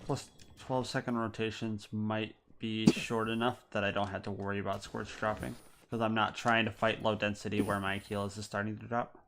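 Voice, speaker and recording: A man's voice: fairly low pitch, flat delivery, fairly quick, noisy background. A man streaming a game, chatting casually and thinking aloud in a matter-of-fact way. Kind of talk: casual gaming chat. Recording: game music under voice. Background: game music.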